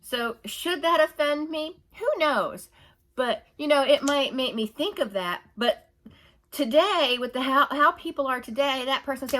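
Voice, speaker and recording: Rambling, exasperated woman with a high voice. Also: unhurried, bright, forceful tone. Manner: rambling, exasperated, laughs while telling stories; mocks others in put-on whiny voices. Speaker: vlogger. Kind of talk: casual opinion monologue.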